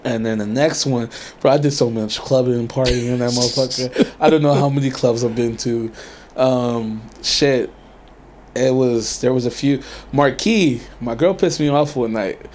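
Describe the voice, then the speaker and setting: A man's voice: medium pitch, moderate pace, a little mellow, slight background noise. A man from California telling a rambling, laid-back story in casual chat, swearing freely.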